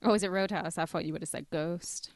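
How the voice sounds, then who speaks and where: A woman's voice: fairly low pitch, steady tone, no room sound, studio quality. A woman from Carlisle with a Cumbrian accent, co-hosting a comedy podcast in a teasing, giggly way. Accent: Cumbrian English. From Carlisle, England. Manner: giggly, teasing, quick to laugh. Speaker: podcast co-host. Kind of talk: casual comedic chat.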